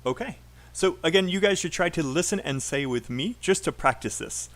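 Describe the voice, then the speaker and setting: A man's voice: a little high, lively intonation, moderate pace, a bit bright. A man with a British accent teaching a live online IELTS class, patiently drilling sentences aloud and encouraging students.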